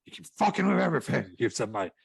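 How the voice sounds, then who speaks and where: Man doing a husky, cursing, fed-up wrestling promoter, comic bit. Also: mid-range voice, sing-song, very fast, no echo, pitched above the performer's own voice, exaggerated voice. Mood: ranting. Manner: ranting, cursing. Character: exasperated male wrestling promoter.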